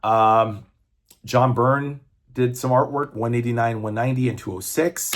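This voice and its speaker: A man's voice: mid-range voice, steady tone, a little slow, a little hiss or hum. A man in his fifties, a comic book reviewer, chatting casually and enthusiastically, rambling and swearing now and then. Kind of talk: casual chat.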